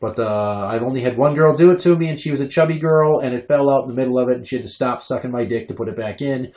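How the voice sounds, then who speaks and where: A man's voice: medium pitch, fast talker, darkish tone, roomy sound. A young adult man hosting a casual podcast, talking crudely and swearing freely, putting on voices when he quotes people. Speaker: podcast host.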